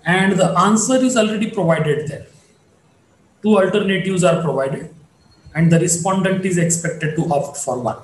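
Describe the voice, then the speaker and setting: A man giving a recorded online phonetics lecture, explaining slowly and repeating points for students. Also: high-pitched, echoey room, slight background noise, poor audio.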